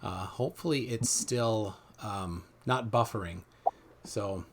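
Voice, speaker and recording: A man hosting a casual livestream debate, talking in halting bursts with lots of fillers. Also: fairly low pitch, heavy background noise. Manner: halting, many fillers, chatty. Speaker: livestream host.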